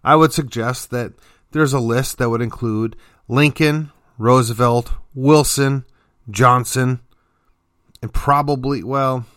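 A man's voice: medium pitch, fairly even intonation, takes it slowly, a bit bright, dry recording, clean studio sound. A man hosting a political commentary show, delivering an emphatic opinion monologue with sarcastic asides.

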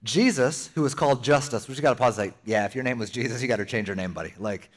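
A young man preaching a sermon as pastor, conversational and animated, slipping in playful asides. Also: medium pitch, quick pace.

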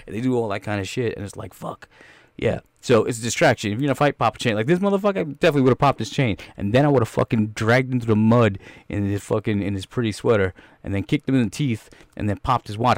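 A man's voice: on the low side, fast, dry recording. A man doing profane, rambling comedic commentary while reacting to a film.

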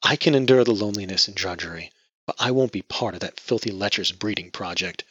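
A man's voice: on the low side, a little fast, fairly bright tone, husky, no room sound. A man voicing a grieving young woman who is bitter and defiant, speaking in a raised, tearful voice on a dull lo-fi recording. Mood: anguished. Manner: emotional, raised voice near tears. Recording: dull lo-fi audio.

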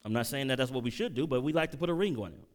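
Middle-aged male pastor, sermon delivery, expressive storyteller who checks in with the room. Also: mid-range voice, very fast. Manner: animated preaching, audience call-outs, emotional storytelling.

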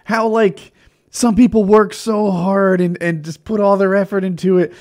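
A man co-hosting a podcast in casual chat, animated and self-mocking, laughing often. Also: sits high, moderate pace. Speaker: podcast co-host.

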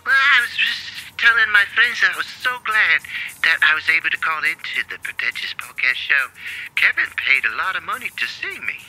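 A man's voice: sits high, sing-song, a little fast, sharp tone, soft background music, pitched above the performer's own voice, full character voice, poor audio. A man putting on an impression of a famous older male singer calling in, chatty and gushing.

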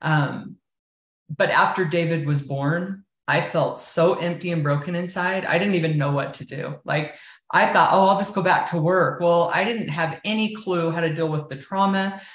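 A woman's voice: on the low side, normal speed. A woman telling her personal story of faith as an interview guest, earnest and candid, often saying "like" and "you know". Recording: roomy echo.

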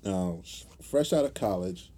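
A man's voice: low voice, animated, unhurried, warm tone. A man hosting a casual podcast, easygoing and joking, with occasional swearing. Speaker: podcast host.

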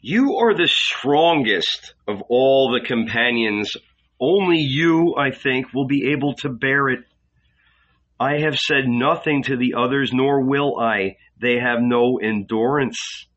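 A man's voice: medium pitch, slow, fairly bright tone. A man voicing an anguished adult male prophet in an audiobook reading, intense and pleading. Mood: solemn. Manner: intense, pleading, rising to fervor. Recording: dull lo-fi recording.

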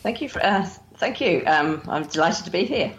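A woman's voice: lowish voice, expressive, moderate pace, slight background noise. A middle-aged woman with an English accent, a guest on a podcast, talking in a chatty, easy way with lots of "sort of" and frequent laughs. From England. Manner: chatty, laughs often, many "sort of" fillers. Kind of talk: casual interview.

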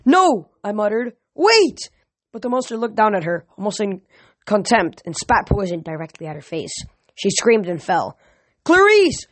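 A woman reading a novel aloud in a lively way, with occasional restarts, raising her voice for shouted lines. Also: mid-range voice, no room sound.

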